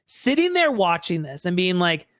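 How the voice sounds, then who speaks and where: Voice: mid-range voice, very animated, moderate pace, fairly bright tone, dry recording, studio quality. A podcast co-host in casual chat, sarcastic and profane, who mimics others mid-story. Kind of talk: casual chat recapping a reality show.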